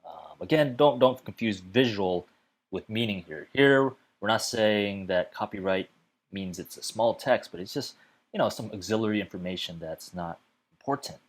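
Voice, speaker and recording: A man teaching a web development lesson in a casual, chatty way, often filling pauses with "okay" and "uh". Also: fairly low pitch. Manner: chatty, fills gaps with okay and uh.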